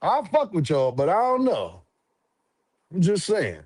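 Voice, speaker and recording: A man's voice: on the high side, wildly swooping pitch, a little slow, darkish tone, slightly rough, no echo. A man hosting a boxing livestream, talking in loose, profane, repetitive slang. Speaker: boxing commentary streamer. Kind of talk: casual livestream chat.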